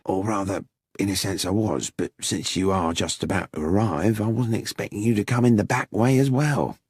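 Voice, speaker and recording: A man doing a hushed, urgent police inspector. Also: fairly low pitch, normal speed, husky, dry recording.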